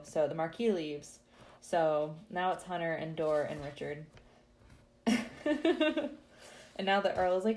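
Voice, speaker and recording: A woman with a slightly low voice talks through a story recap in a loose, chatty way. She laughs easily and fills her sentences with "like" and "um". It sounds like an easygoing conversation rather than a reading. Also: expressive, a little slow, long pauses, a little mellow. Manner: chatty, laughs often, says "like" a lot. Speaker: podcast host. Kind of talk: casual chapter recap.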